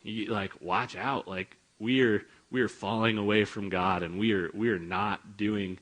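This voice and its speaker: A man's voice: on the low side, a little slow. Laid-back young man preaching casually. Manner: informal, many filler words, animated retelling. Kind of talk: casual conversational sermon. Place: church.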